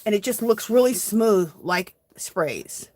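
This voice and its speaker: A woman's voice: mid-range voice, lively intonation, slow, darkish tone, no room sound. A woman hosting a casual live art journaling tutorial, chatting to viewers as she works. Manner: chatty, addresses viewers as "you guys".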